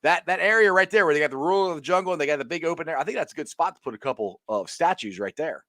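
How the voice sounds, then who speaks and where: A man's voice: on the high side, expressive, rapid-fire, pushed and bright, dry recording. A male sports podcast host in casual chat who laughs easily and reads out viewer comments.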